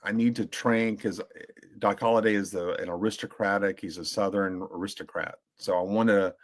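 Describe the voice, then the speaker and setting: A man's voice: on the low side, fairly even intonation. A man co-hosting a podcast in casual chat, telling stories in a rambling way with many restarts and fillers. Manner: briefly mimics slow drawling voices when quoting. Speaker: podcast co-host.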